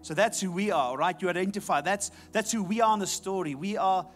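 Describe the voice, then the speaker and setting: Emphatic preacher. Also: male voice, high voice, brisk, faint music behind. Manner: emphatic, repeats key phrases. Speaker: pastor. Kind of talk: sermon.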